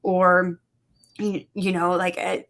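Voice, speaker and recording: A woman's voice: lowish voice, slow pace. A woman guest on a podcast telling stories in casual conversation, acting out quoted dialogue with lots of "like" fillers. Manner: animated, acts out quoted dialogue, many "like" fillers. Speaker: podcast guest, suicide prevention instructor.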